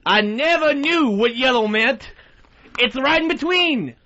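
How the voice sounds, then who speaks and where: A drunk man who is a guest on a radio show, loud and boisterous in rowdy studio banter. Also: extremely high pitch, lively intonation, a little slow. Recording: muffled radio audio with music and crowd noise.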